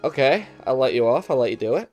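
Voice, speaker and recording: A man with a Liverpool accent and a slight cold, giving excitable let's play commentary and yelping at his own mistakes. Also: fast, soft background music. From England. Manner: excitable, sudden high yelps at mistakes, self-mocking. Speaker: gamer.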